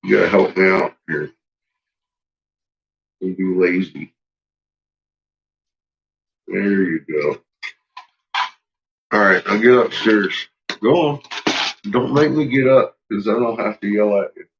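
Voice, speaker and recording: A man's voice: fairly low pitch, slow, gravelly, pauses often, dull audio. A man at home talking to his pets in a playful, teasing way, baby-talking the dog and swearing casually. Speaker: pet owner.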